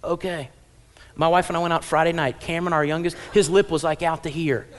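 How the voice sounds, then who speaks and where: A man in his thirties delivers a church sermon, his voice sitting a touch higher than most men's. He preaches with animated storytelling and slips into playful voices for parents and children. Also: brisk. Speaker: pastor. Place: church auditorium.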